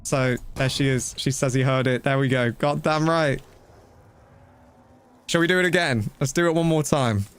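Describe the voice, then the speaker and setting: A man chatting casually while streaming a game, rambling and breaking into quick exclamations. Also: medium pitch, clean tone. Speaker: gaming streamer. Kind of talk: casual live-stream commentary.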